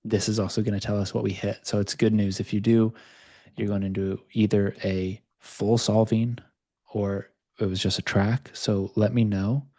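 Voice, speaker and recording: A man hosting a live video call session, calmly coaching a participant and talking openly about his own past. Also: on the low side, moderate pace. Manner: calm, reflective, speaks of own past openly.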